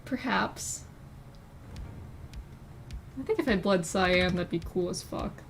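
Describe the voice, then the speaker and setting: A woman's voice: fairly low pitch, slow pace, slight background noise. A woman streaming as a VTuber, chatting casually in a rambling way that keeps interrupting itself with giggly asides. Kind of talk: casual live-stream chat while drawing.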